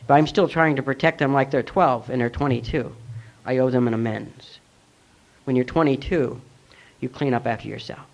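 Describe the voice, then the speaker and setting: A man's voice: medium pitch, steady tone, moderate pace. A middle-aged man giving a personal testimony at a recovery meeting, earnest and reflective as he tells his story. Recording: dull lo-fi recording.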